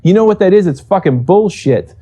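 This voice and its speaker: A man's voice: high voice, a little fast, husky. A man being interviewed as an esports coach, telling a story casually with lots of swearing and acted-out quotes. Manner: profane, animated, acts out quoted exchanges.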